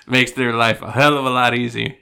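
A man chatting casually on a podcast, laid-back and quick to laugh. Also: mid-range voice, vocal fry, pushed and bright, clear, resonant tone. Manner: laid-back, laughs easily, short reactions. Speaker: podcast co-host. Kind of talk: casual chat.

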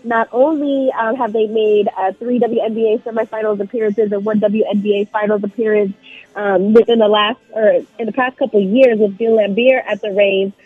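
Husky-voiced woman on a tinny phone line. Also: on the high side, no room sound. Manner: confident, analytical, steady. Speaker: sports reporter guest. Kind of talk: phone interview.

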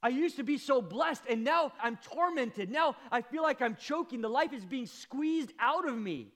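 A man's voice: extremely high pitch, expressive, moderate pace, fairly bright tone, voice pushed up, heavily acted. A preacher voicing a despairing man who cries out to God in an impassioned, pleading way. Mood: anguished pleading. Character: anguished grieving man crying out to God.

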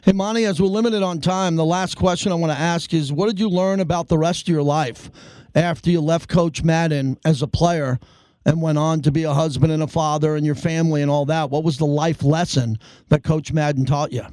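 A male host introduces his guest and puts direct questions to him. His voice sits a bit higher than most men's. The sound is dry and close, with no room around it. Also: steady tone, fairly quick, darkish tone, dry recording. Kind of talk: radio interview hosting.

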